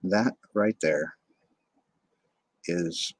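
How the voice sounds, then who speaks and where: A man's voice: deep voice, extremely slow, breathy edge, no room sound, rough recording. A man ranting on a livestream, bitter and accusatory, swearing constantly and often restarting or repeating his words.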